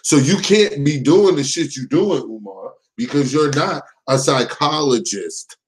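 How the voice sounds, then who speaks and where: A man's voice: mid-range voice, lively intonation, measured pace, poor audio. A man hosting a live call-in show, ranting heatedly and cursing often. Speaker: show host.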